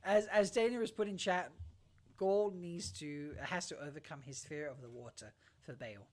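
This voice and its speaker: A woman's voice: low-pitched, moderate pace, a little mellow. A woman hosting a casual fan talk show panel, laughing often and stumbling through her sentences.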